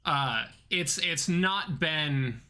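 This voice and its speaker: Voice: mid-range voice, animated, pushed and bright. A game master from southern North Carolina, narrating a tabletop game with many restarts and fillers. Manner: halting, many restarts and fillers while describing.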